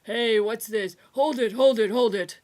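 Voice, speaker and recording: A woman voicing a gravelly old male space scavenger who talks in a lecturing, know-it-all way. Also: mid-range voice, expressive, moderate pace.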